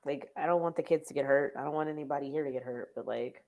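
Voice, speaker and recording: A woman plays a tabletop game in a low, mellow voice. She banters casually in character, hesitating often and filling her sentences with filler words. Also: quick pace.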